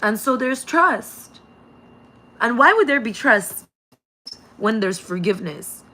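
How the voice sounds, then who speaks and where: A woman's voice: a little high, sing-song, slow pace, pushed and bright. A woman giving a casual spiritual message to her viewers, rambling and repeating herself, laughing often and swearing freely. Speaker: spiritual channel reader.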